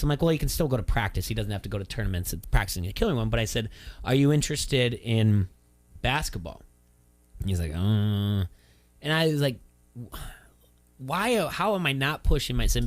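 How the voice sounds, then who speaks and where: A middle-aged man from Iowa hosting a radio sports talk show, telling long rambling stories and acting out the voices of people he quotes. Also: mid-range voice. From Iowa, USA. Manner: rambling, animated storyteller who acts out quoted voices.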